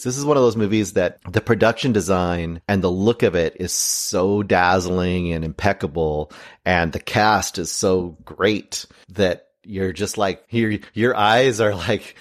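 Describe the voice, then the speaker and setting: Deep voiced guy breaking down a movie on a podcast, measured. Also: dry recording, studio quality. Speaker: film podcast co-host. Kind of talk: casual movie review chat.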